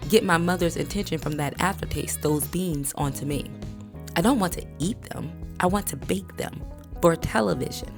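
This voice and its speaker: Low-voiced woman reading a memoir. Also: moderate pace, over music. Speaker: book reader. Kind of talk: audiobook narration.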